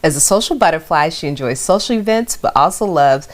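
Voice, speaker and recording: A woman's voice: low voice, expressive, fairly quick. A woman co-hosting a podcast, playful and fond of coining her own phrases, chatting and reading out a guest's bio. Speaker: podcast co-host.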